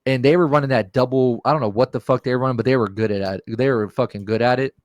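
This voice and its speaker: A man's voice: mid-range voice, fast, no echo, muffled recording. A man on a podcast telling a rowdy, profane story in casual chat and acting out the quotes. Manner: animated, profane, acts out quotes.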